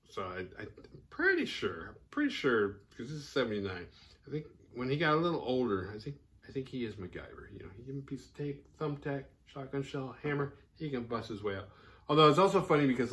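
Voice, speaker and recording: A man with a fairly low voice retells a horror film scene by scene in casual chat. He rambles, leans on fillers and jumps into the characters' lines as he goes. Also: a bit bright. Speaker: horror film podcast host.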